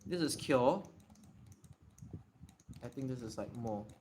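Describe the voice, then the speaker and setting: A man's voice: medium pitch, lively intonation, slow pace, darkish tone, a little hiss or hum. A man hosting a casual live Q&A, thinking aloud, repeating and restarting words as he tests how they sound. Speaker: livestream host. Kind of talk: casual live Q&A explaining Japanese readings.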